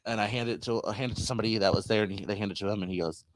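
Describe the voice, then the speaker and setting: A podcast host with a lowish voice talks rapid-fire through a rambling, casual anecdote, acting out what people said. There's a slight hiss or hum in the audio.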